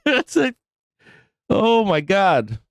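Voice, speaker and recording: A man's voice: high voice, huge pitch swings, very slow, no room sound, low-quality recording. A man hosting a live stock market show, ranting in exasperation with frequent laughter and cursing. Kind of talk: live-stream rant.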